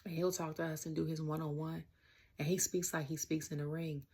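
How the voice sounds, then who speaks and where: A woman's voice: low-pitched, flat delivery, fairly quick, darkish tone, breathy edge. A young woman with a Southern US accent, rambling casually through a wrestling review, full of slang and filler. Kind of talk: casual rant-style review.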